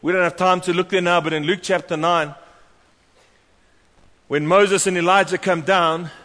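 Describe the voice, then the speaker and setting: A man preaching a sermon, animated and storytelling, acting out the voices of the people in his stories. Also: high-pitched, normal speed. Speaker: pastor. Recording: long hall reverb.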